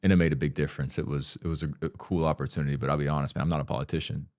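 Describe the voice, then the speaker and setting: A man's voice: very deep voice, fairly even intonation, racing, darkish tone, no room sound, clean studio sound. A man speaking as a podcast guest in a casual interview, blunt and candid, swearing freely and talking with earnest emphasis.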